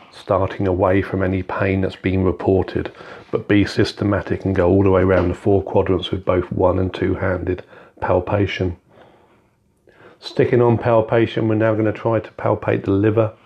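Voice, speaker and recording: Man as calm clinical tutor, low and steady, talking through each step. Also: lo-fi sound. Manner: calm, methodical, step-by-step explaining. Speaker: clinical skills teacher. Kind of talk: instructional walkthrough.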